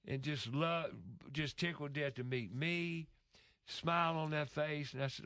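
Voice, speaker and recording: A man's voice: a little high, measured pace, fairly bright tone, no room sound, studio quality. A man speaking in a casual conversation, telling an emotional story earnestly with frequent restarts.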